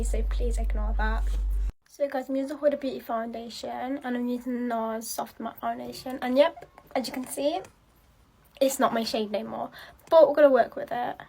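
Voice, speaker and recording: A woman's voice: on the high side, mellow, slight background noise. A young woman casually talking through her makeup routine step by step, chatty and full of fillers. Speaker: makeup content creator. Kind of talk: casual makeup tutorial narration.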